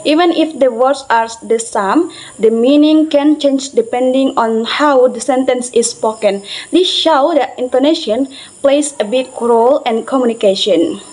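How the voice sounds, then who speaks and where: A young woman with a fairly high voice presents her part of a class talk. She reads steadily from her notes, stumbling and restarting now and then. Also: a little mellow, low-quality recording. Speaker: student presenter.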